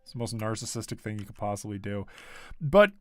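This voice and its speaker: A man's voice: lowish voice, brisk, faint music behind. A young man casually chatting on a livestream as he draws, reading comments aloud and laughing often. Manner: animated, reads chat aloud, laughs often. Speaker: artist streaming his drawing. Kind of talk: casual livestream chat while drawing.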